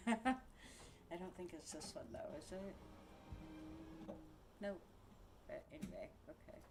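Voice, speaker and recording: A woman's voice: on the low side, takes it slowly, background noise. A woman of about sixty ranting in casual home-video talk, swearing freely and laughing between angry outbursts. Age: 60s. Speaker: vlogger. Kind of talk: angry casual rant to camera.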